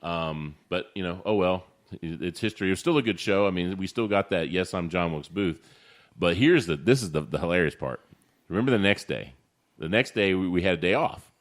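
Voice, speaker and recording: A man, a podcast co-host telling stories in casual chat, animated, swearing and acting out quotes. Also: low voice, fairly quick.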